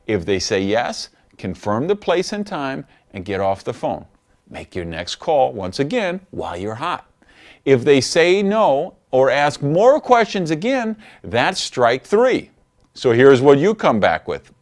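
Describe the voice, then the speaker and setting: A man giving a recorded training lesson on network marketing, coaching in an animated way and acting out phone calls. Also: mid-range voice, unhurried.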